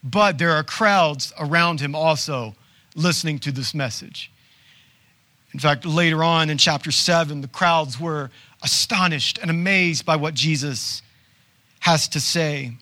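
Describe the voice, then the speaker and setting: A male pastor delivering a sermon with a bright, forceful voice pitched somewhat high for a man. He preaches conversationally, asking rhetorical questions and dropping quick asides.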